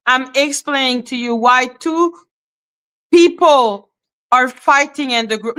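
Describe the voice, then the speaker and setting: A woman's voice: high voice, measured pace, fairly bright tone. A woman hosting a livestream, talking bluntly and profanely in a heated rant to her chat. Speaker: livestream host.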